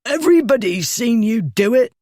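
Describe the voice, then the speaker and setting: Male reader doing a loud drunk brawler, pitched way up, crude slangy yelling, audiobook. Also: very animated, moderate pace, no echo, studio quality, heavily acted. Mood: belligerent. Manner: shouting, gasping, slangy.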